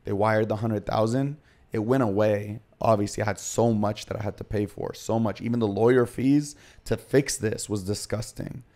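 A man's voice: on the low side, steady tone, moderate pace, darkish tone. A man as a podcast guest, candidly recounting his own story in short, confessional present-tense bursts.

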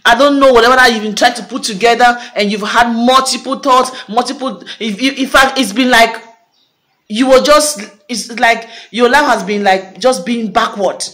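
Fervent woman preacher with a high voice. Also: normal speed, fairly bright tone. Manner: fervent, repetitive, declaring phrases again and again; rising to a fervent high pitch at climaxes. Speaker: prophetic minister. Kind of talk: prophetic declaration to a video audience.

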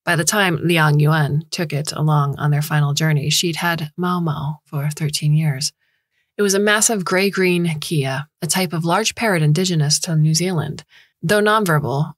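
A woman narrates a short story as a scripted audiobook reading, measured and steady. Her voice is low and slightly husky, and the recording is close and dry with no room sound. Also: no echo.

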